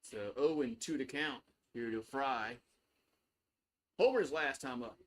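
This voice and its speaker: A man's voice: mid-range voice, unhurried. A man giving casual play-by-play on a live stream, loose and chatty, swearing freely. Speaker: live stream sports host.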